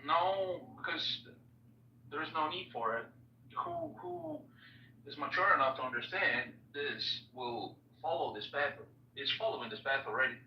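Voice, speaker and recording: A man from Italy with an Italian accent, a guest in an online chat, talking earnestly and haltingly, often repeating words as he searches for phrasing. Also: fairly high pitch, sing-song. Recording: echoey, distant, dull audio chat.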